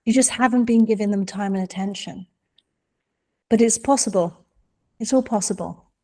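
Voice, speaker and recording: A middle-aged woman telling stories in a conversation, animated and acting out the voices of the people in them. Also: medium pitch, normal speed. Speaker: guest, mentor. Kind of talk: conversational storytelling.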